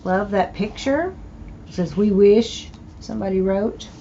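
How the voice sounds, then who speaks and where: Older Southern woman, slow and chatty. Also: medium pitch, mellow, dull audio, slight background noise. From American South. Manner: chatty, delighted exclamations. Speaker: thrift haul host. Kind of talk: casual show-and-tell.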